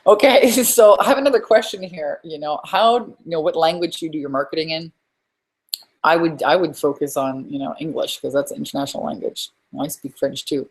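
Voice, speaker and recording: A woman hosting a live webinar from home as a business coach, talking in an energetic, rambling, emphatic way. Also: sits low, brisk, husky.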